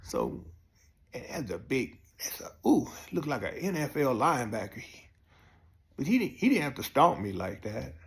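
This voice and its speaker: A man telling a profane comic story, jumping up high when excited. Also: moderate pace, creaky. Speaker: comedian storyteller. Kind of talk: comic monologue.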